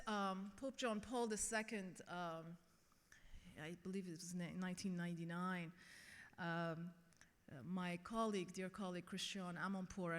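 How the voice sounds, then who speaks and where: A middle-aged woman giving a keynote speech and telling a personal story earnestly. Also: fairly low pitch. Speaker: keynote speaker. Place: conference hall. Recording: long reverb of a large hall.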